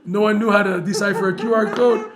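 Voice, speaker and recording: Animated man teaching a Torah class. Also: high-pitched, fairly quick, crowd noise. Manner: animated, jokey, uses Hebrew terms. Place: room with a live audience.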